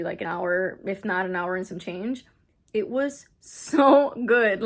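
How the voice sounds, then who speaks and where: A young adult woman chatting casually in a book vlog, retelling a story in an excitable way full of "like". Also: mid-range voice. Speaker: book vlogger. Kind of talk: casual reading vlog chat. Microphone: camera on a stand, not handheld.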